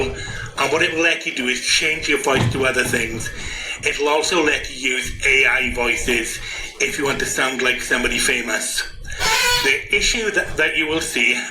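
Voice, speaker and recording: A man's voice: medium pitch, pushed and bright. A man giving a chatty, joking conference talk with a live demo in a hall. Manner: chatty, joking, self-deprecating. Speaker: conference speaker.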